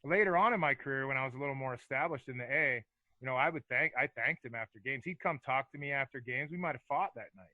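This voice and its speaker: A man's voice: medium pitch, quick pace, dry recording, narrow, tinny audio. A man in his forties, a former hockey enforcer, telling profane, laid-back stories as a podcast guest. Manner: profane, laid-back storyteller with filler words. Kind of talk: casual storytelling chat.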